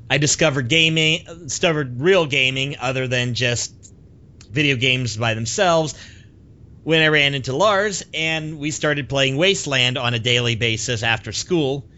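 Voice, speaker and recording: A man's voice: medium pitch, pushed and bright, dull audio. A man hosting a podcast in casual chat, teasing the others and telling stories. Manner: teasing, storytelling. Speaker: podcast host.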